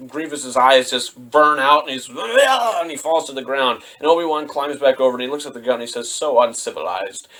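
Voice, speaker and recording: A man's voice: medium pitch, lively intonation, brisk, hardly any pauses, fairly bright tone. A man casually retelling and reviewing a film, rambling with plenty of "you know" and "just like". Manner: rambling, full of fillers. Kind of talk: casual movie review vlog.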